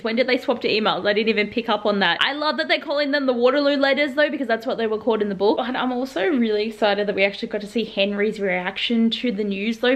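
A young woman chatting in a casual reaction vlog at home, full of "like" fillers and excited asides. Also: a little high. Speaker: book vlogger. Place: at home in pajamas.

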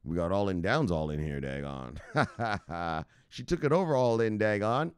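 A man hosting a crypto news stream, talking casually with slang and loud shout-outs, explaining things step by step. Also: lowish voice, lively intonation, normal speed, smooth, no echo. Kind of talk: casual livestream talk.

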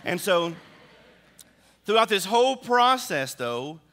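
Slowly and with big pitch swings, a middle-aged pastor preaches in a high, pushed, bright voice. His sermon is full of humorous, animated stories, echoing with long reverb in the large church sanctuary.

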